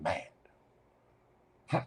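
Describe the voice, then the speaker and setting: A man giving a live tarot reading, teasing and playful as he talks straight to the listener. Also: extremely slow. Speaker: tarot reader.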